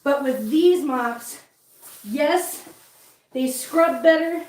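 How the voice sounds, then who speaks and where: A woman's voice: sits high, lively intonation, very slow. A woman chatting casually to her live viewers while mopping her living room, out of breath from the work. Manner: chatty, coaxing pets in a soft voice. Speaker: cat vlogger. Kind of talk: casual live-stream chat while cleaning. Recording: roomy, distant from the mic.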